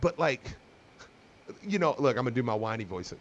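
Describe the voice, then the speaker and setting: A man hosting a casual sports talk show, excitable and quick to laugh. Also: mid-range voice, highs cut off. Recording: faint background noise.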